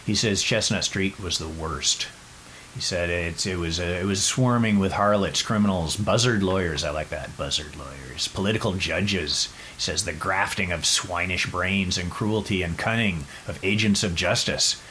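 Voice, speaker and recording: Low-voiced male podcast host, chatty storyteller with wry jokes. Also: normal speed, a little hiss or hum, poor audio. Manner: animated, chatty, wry asides. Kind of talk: casual storytelling.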